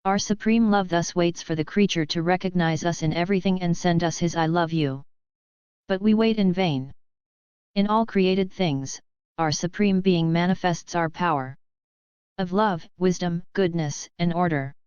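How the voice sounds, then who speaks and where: A woman giving a slow, measured devotional reading in an even recitation. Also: fairly low pitch, clean tone, no room sound. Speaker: reader of devotional writings. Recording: dull lo-fi dry recording.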